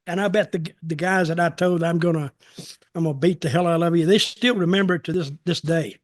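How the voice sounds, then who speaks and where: Older man telling folksy stories, higher voice. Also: fairly even intonation, brisk, no room sound, clean studio sound. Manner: folksy, rambling, acts out quoted voices. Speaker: storytelling show host, former wrestler. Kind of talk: casual storytelling.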